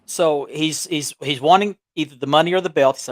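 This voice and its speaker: A fairly high, fairly quick male voice, recorded dry with a clean studio sound, belongs to a co-host of a belt collecting chat show. Speaking from a small-town home over a remote call with audio delay, he tells a rambling story full of restarts and chuckles.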